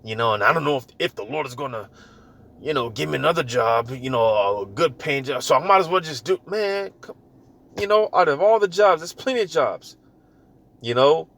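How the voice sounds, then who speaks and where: A man giving a casual, animated spoken sermon, with loose talk full of fillers and repeated words. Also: fairly high pitch, normal speed. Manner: repeats words while searching. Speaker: lay preacher.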